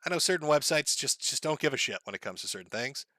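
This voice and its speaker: A man's voice: mid-range voice, animated, fast, bright, forceful tone, no echo. A man hosting a live stream, commenting sardonically and laughing often. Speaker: livestream host.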